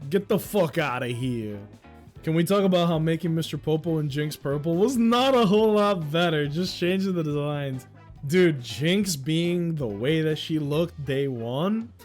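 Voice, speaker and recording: Guy streaming a game, slightly high voice, talks slow and drawn out, jokey and swears a lot, faint music in the back. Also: animated, darkish tone. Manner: joking, profane, riffing on game dialogue in mock voices. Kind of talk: casual let's-play commentary with friends.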